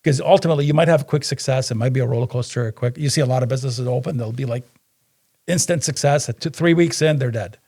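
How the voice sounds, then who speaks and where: A man's voice: mid-range voice, fast. A man, a business co-founder guesting on a podcast, telling stories casually and acting out the dialogue. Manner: animated storyteller who acts out dialogue. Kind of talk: casual interview storytelling.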